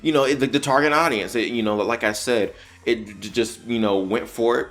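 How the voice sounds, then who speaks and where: A man's voice: mid-range voice, a little fast, a bit bright. A man rambling with many fillers as a reaction panelist. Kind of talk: casual chat.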